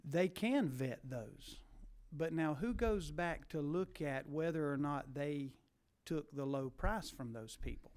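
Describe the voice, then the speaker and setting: A man's voice: a little high, expressive, slow pace, darkish tone. A man questioning witnesses at a legislative committee hearing, pressing his point and repeating words for stress.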